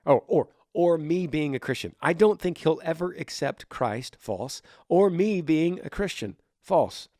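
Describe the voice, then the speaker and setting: A man's voice: fairly high pitch, measured pace, hardly any pauses, no echo. Earnest man, dry close studio sound. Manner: earnest, animated, acts out quoted voices; frequent restarts and repeated words. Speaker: podcast host. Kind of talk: casual faith podcast, answering a listener.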